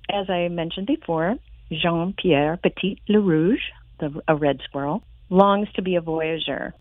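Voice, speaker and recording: A woman author with a low voice speaks over a tinny telephone line in a radio interview. She reads aloud and chats in a friendly way, laughing easily, and the sound is dry. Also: no echo. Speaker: children's author and guest.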